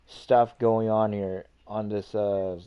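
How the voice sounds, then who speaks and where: A man's voice: fairly low pitch, level tone, slow, smooth, dull audio. A man hosting a livestream, ranting casually in a rambling, repetitive way and swearing often. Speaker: livestream host.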